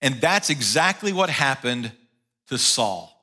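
Animated, bright-voiced male preacher. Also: mid-range voice, measured pace, husky. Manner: animated storytelling. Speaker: pastor. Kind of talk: sermon.

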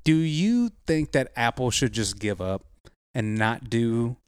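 A man's voice: mid-range voice, animated, takes it slowly, clear, resonant tone, no echo, studio quality. Laid-back man telling casual stories. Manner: laid-back, profane storytelling with acted quotes. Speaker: podcast co-host. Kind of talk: casual chat.

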